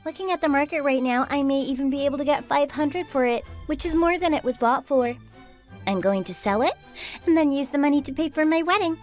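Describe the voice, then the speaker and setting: A woman voicing an entitled, demanding young sister-in-law who yells and bosses people around. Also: a little fast, faint music behind, lightly acted. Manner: demanding, shrill, yelling. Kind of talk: texting-story voice acting.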